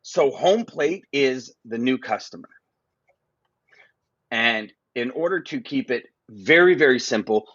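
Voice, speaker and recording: A man, a guest in a casual podcast conversation, talking in an animated storytelling way with frequent restarts. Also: medium pitch, no room sound, dull audio. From Canada. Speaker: guest, freight broker.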